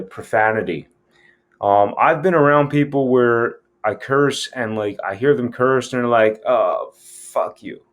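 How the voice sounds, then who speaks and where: A man giving a casual scene-breakdown lesson as an acting coach, speaking frankly and with plenty of profanity. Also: on the low side.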